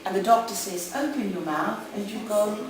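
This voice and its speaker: A woman's voice: mid-range voice, normal speed, recorded from a distance, crowd noise. A woman from New Zealand with a New Zealand accent giving a chatty, jokey talk to English teachers at a conference. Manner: chatty, jokey, animated with audience asides. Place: conference hall. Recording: echoey hall, speaker off-mic at times.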